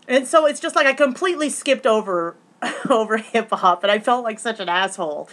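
A woman vlogger rambling through a story in casual chat, excitable, with many fillers and restarts. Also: a little high, brisk, noisy background.

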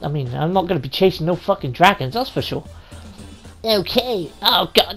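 A woman's voice: lowish voice, animated, normal speed, soft background music. A woman giving sweary, rowdy commentary while playing a video game. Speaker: gaming let's-player. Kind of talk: casual gameplay commentary.

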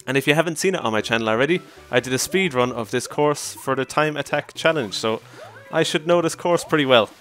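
A man giving casual commentary over his own gameplay, excitable, often exclaiming and laughing at his mishaps. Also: mid-range voice, fairly quick, hardly any pauses, faint music behind. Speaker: let's play commentator.

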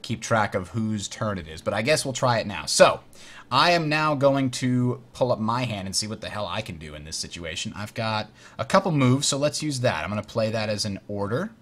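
A man hosting a board game tutorial, explaining rules in a chatty way and muttering while he works the software. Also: on the low side, lively intonation, brisk. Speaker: host teaching a board game. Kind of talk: casual tutorial over online play.

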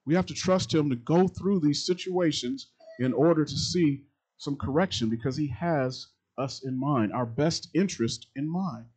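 A middle-aged man, a pastor, preaching a sermon that repeats its phrases and swings between loud and quiet passages. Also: on the high side, normal speed, slightly rough, rough recording.

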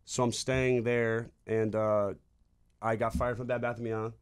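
A man's voice: mid-range voice, little pitch movement, clean tone. Rambling young man, podcast guest. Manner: rambling, halting, many restarts and fillers. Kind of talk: casual chat.

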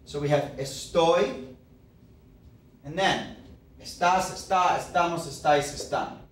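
A man teaching a grammar lesson in a patient, explanatory way, often pausing on "uh" and "okay". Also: on the high side. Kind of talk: classroom grammar lecture. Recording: roomy, distant mic, faint background hiss.

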